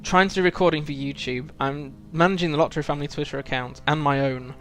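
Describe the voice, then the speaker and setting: Male game streamer, British accent, slightly raised pitch, reflective and chatty, faint game music underneath. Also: steady tone, fast talker, a bit bright. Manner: reflective and chatty, with frequent ums and restarts. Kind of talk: casual live-stream chat while playing.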